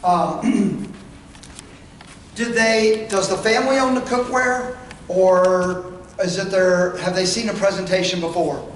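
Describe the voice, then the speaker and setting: A man's voice: high voice, fairly even intonation, takes it slowly. A man running a sales training session in a meeting room, folksy in manner, talking without a microphone and acting out what to say to customers. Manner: folksy, role-plays lines to customers. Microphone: without a microphone, away from the recorder. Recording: roomy, distant, faint room noise.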